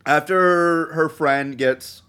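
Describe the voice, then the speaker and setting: A man's voice: fairly high pitch, takes it slowly, clear, resonant tone. A man co-hosting a casual movie review podcast, animatedly retelling scenes and acting out lines. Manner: animated storyteller, acts out scenes. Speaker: podcast co-host.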